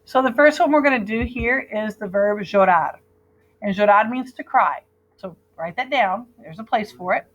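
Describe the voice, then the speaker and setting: Patient and clear, a female Spanish teacher drills verb endings with her class call-and-repeat style during a steady, unhurried grammar lesson. Her voice sits in an ordinary middle range for a woman, and the recording has its highs cut off.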